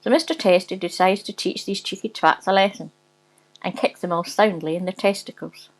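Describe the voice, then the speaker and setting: A woman's voice: mid-range voice, fairly even intonation, moderate pace, low-quality recording. A woman reading a rude comic story aloud, often giggling as she goes. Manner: giggly, breaking into laughter while reading.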